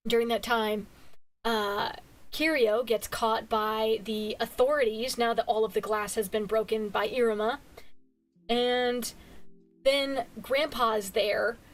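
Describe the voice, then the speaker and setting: A tired woman streamer recapping a manga in casual chat, gushing, laughing often and swearing freely. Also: sits high. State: tired, yawning. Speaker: virtual streamer reviewing manga.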